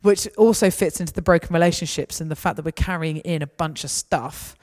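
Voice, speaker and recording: A woman's voice: low voice, fairly quick, a little mellow. A woman giving a conversational, anecdotal talk to a gathering. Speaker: speaker. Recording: reverberant hall.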